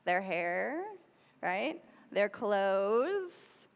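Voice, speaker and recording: Speaking extremely slowly yet very animated, an American woman with a medium-pitched voice gives a conversational sermon talk at a spiritual center. She's from the United States, repeats key phrases for emphasis, and the sound is that of a big room.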